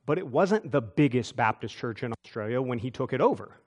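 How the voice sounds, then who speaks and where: Lively storytelling preacher man. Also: mid-range voice, brisk, breathy edge. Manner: animated storytelling with asides and chuckles. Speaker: pastor. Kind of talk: storytelling sermon.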